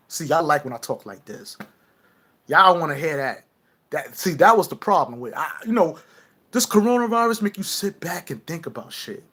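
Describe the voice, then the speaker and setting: A man's voice: on the high side, very animated, moderate pace, pauses often, fairly bright tone, husky. A man hosting a livestream, ranting brashly and swearing at his viewers. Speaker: livestream host. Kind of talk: profane livestream rant to viewers.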